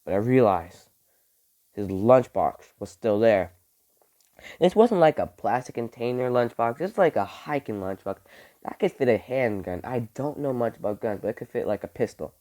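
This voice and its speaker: A young man tells a story to his camera in a loose, casual way. His pitch swings up and down a lot as he talks. He swears freely and fills his sentences with "like". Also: moderate pace. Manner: animated, swears, heavy use of "like". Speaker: vlogger.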